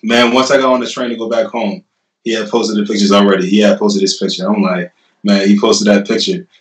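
Relaxed young man telling stories in a roomy space. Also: fairly low pitch, a little fast. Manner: animated, laughing retelling with lots of "I'm like". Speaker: guest. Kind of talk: casual storytelling interview. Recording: roomy and a bit distant from the mic.

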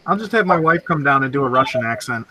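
A man's voice: medium pitch, lively intonation, quick pace, crowd noise, rough recording. A man joking casually with friends on a video call. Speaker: livestream guest. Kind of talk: casual chat.

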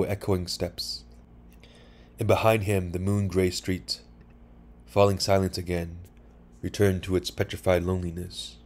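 A man reading a short story aloud for sleep, calm and measured. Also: deep voice. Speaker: narrator.

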